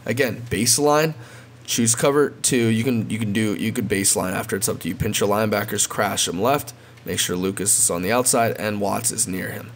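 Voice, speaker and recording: A man's voice: fairly low pitch, fairly quick, a little hiss or hum. A man casually walking viewers through a video game strategy, often repeating himself and calling them guys. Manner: repetitive, addresses viewers as guys. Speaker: gaming video creator. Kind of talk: casual gameplay tutorial.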